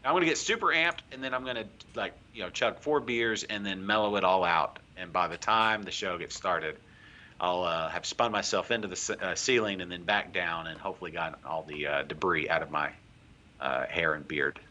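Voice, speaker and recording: A man's voice: low voice, steady tone, normal speed, sharp tone. A man co-hosting a live craft beer show, chatting in a rambling way full of fillers. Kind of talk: casual live-stream chat. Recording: lo-fi stream audio.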